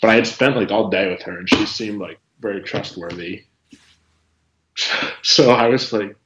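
A man's voice: lowish voice, moderate pace, noisy background. A man telling a travel story in casual chat, talking loosely with lots of "like" and chuckling as he goes. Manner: chatty, says "like" often, laughs while telling. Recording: roomy, slightly dull sound.

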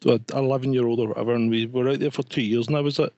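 A man's voice: medium pitch, steady tone, rapid-fire, a little mellow, no room sound, dull audio. A middle-aged man co-hosting a podcast, chatting casually and getting indignant, repeating himself and swearing. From Scotland. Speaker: podcast co-host. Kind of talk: casual chat.

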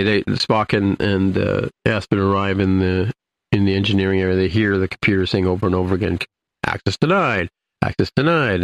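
A man's voice: low voice, dry recording, low-quality recording. A man in casual conversation, loosely and ramblingly retelling scenes from an episode as a podcast co-host. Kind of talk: casual episode recap chat.

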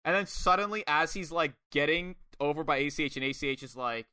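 A man casually reviewing a wrestling match, excitable and swearing often, acting out lines in quoted voices. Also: a little high, a little fast, smooth, no echo, clean studio sound. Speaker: podcast co-host.

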